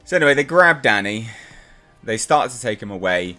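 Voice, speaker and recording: A man's voice: medium pitch, lively intonation, a little fast, bright, forceful tone, faint music behind. A man reviewing a comic book in a casual, exasperated and sarcastic rant.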